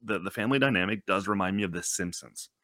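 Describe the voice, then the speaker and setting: A male podcast host with a very low voice that still sounds forceful and bright. He chats with enthusiasm and laughs easily. The sound is dry and close. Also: quick pace, no echo. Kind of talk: casual interview chat.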